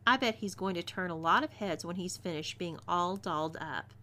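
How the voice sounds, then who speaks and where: A woman's voice: lowish voice, moderate pace, sharp tone. Texan woman playing Zelia, a fiery female outlaw. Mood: bossy. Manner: bossy, threatening drawl.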